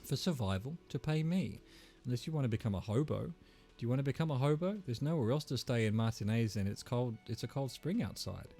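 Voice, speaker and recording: A man's voice: medium pitch, lively intonation, fairly quick, mellow, soft background music. A man voicing a grumpy middle-aged male hostel manager who talks curtly and sounds irritated. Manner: curt, irritated.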